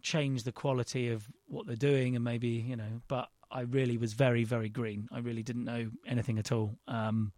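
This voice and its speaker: A man's voice: mid-range voice, level tone, moderate pace, few pauses, a little mellow, no room sound. A man, a guest in an interview, telling a rambling, self-deprecating story with frequent restarts. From London, England. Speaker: actor and director guest. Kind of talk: casual interview chat.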